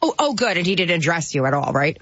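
A woman co-hosts a casual talk show, teasing her partner playfully. Her voice is lively and husky. The sound is dry and a bit muffled. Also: lowish voice, fast, dry recording. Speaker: co-host. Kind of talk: casual chat.

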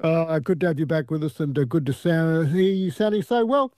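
A man's voice: on the high side, fairly quick, darkish tone, dry recording, studio quality. A man hosting a radio interview, asking questions hesitantly with many fillers. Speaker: radio host.

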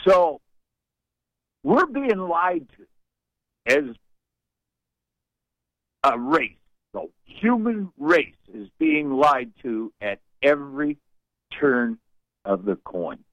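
A man's voice: fairly high pitch, very animated, drawn-out words, pauses often, no echo. An older man calling in to a talk radio show, rambling along in a folksy way with colorful sayings. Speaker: radio caller. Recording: muffled phone line.

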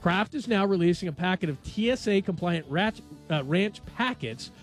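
A man's voice: high-pitched, normal speed, faint music behind. A man hosting a late-night radio sports show, chatting casually and joking with his co-hosts. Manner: animated, jokey, laughs often.

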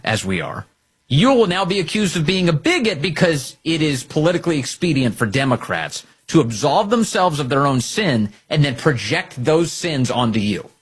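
A man's voice: mid-range voice, slightly rough. A man delivering a sarcastic, emphatic political opinion monologue as a commentator.

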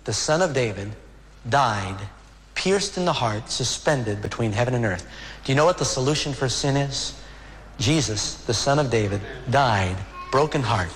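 A man preaching a sermon as a pastor, earnest and emotional, slowing down for dramatic pauses. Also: medium pitch, animated, long reverb tail.

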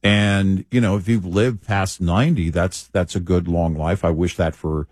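A man co-hosting a talk show, speaking in a measured, deliberate way with hesitant restarts. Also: low voice, fairly even intonation, darkish tone, dry recording. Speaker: co-host. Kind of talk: opinionated talk-show banter.

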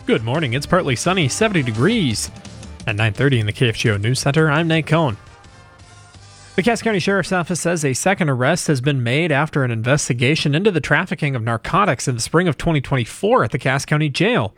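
A man reading a radio news bulletin in a steady, measured way. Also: a little high, slightly rough, soft background music. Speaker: radio newsreader.

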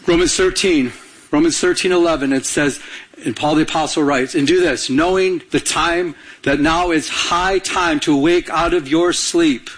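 A man's voice: fairly high pitch, normal speed, a bit bright. A male pastor preaching a sermon with urgency, repeating lines and prompting the congregation to answer. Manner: urgent, repetitive, call-and-response preaching.

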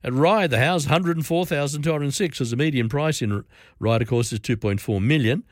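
An Australian man hosting a talk-radio show, holding forth with blunt opinions in a chatty, offhand way. He runs through lists of figures with little asides, his voice sitting at an ordinary pitch. The studio sound is dry and close. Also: a little fast, no room sound. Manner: conversational, reels off figures with asides. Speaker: radio host.

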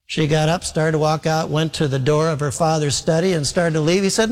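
A man's voice: a little high, a little fast, few pauses. A man preaching a sermon, telling a story and acting out the dialogue of its characters. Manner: animated, acts out quoted dialogue. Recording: long hall reverb.

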